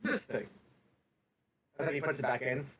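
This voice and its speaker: A man's voice: medium pitch, sing-song, normal speed, a bit bright, slight background noise. A man playing in a tabletop game, talking in a playful, teasing way. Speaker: player.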